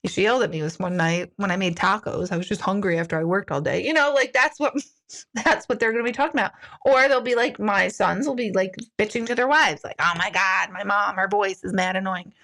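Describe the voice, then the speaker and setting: A middle-aged woman, a spiritual medium, chatting casually on a livestream and reading out viewer comments, animated and self-deprecating. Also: medium pitch, a little fast. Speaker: spiritual medium hosting a live Q&A.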